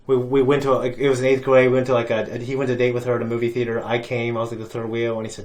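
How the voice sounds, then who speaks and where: A man's voice: mid-range voice, flat delivery, very fast. A man, hosting a casual reaction-show chat and telling stories with lots of laughter and fillers. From Ohio. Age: adult parent. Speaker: reaction channel host.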